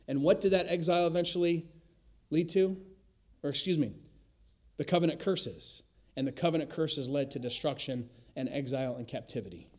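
A male pastor delivers a sermon in a church. His voice sits a little high for a man. He presses his points hard, then slows and sinks to a near hush on single words. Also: lively intonation. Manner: emphatic, slows and drops to a hush for key words. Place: church sanctuary.

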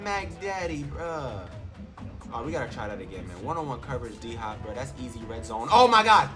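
A young man giving excited, slangy commentary over his own football video game, shouting and chanting at big plays and muttering low in between. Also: fairly quick. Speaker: gaming YouTuber. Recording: game music behind the voice.

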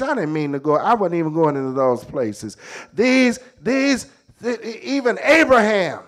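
A middle-aged man preaching a sermon as a bishop, emphatic, repeating his phrases and calling out "come on". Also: sits high.

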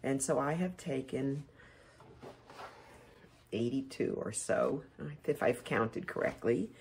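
A woman's voice: a bass voice, expressive, takes it slowly, darkish tone, a little hiss or hum. A woman teaching quilting, chatting casually to viewers as she sews. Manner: chatty, talks to viewers while working. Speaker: quilting instructor. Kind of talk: casual sewing tutorial.

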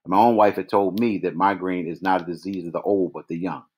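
A man reads a novel aloud in a deep, low voice. He keeps his narration measured and even, and now and then he stumbles and restarts a phrase. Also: slightly rough. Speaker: reader.

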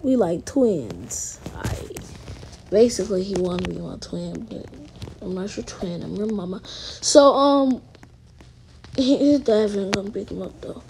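A woman's voice: mid-range voice, lively intonation, a little slow, vocal fry, darkish tone, slight background noise. A woman talking casually to viewers while playing a life-sim game, rambling in slang. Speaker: gaming vlogger. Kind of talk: casual game commentary with role-play.

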